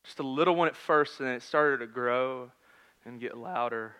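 A man in his thirties preaching a sermon in a conversational storytelling manner, swinging between loud and hushed. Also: medium pitch, moderate pace, clean tone. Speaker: pastor.

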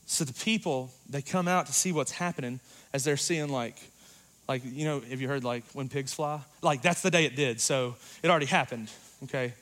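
A man preaching a sermon in a dynamic, conversational way, swinging between loud passages and hushed ones. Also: medium pitch, normal speed. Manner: conversational, uses "like" and "you know".

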